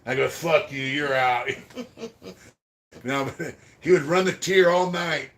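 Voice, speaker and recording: A man's voice: on the high side, slow. A man hosting a podcast, telling prison stories in a rambling, profane way and thanking viewers for super chats. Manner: rambling, profane, trails off quietly. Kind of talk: casual storytelling about prison life.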